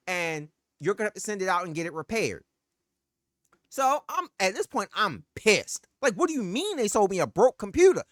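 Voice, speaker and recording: A woman's voice: mid-range voice, fairly bright tone, no echo, studio quality. A woman telling a heated, profane story about a bad purchase, in casual storytime style. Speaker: streamer telling a personal story.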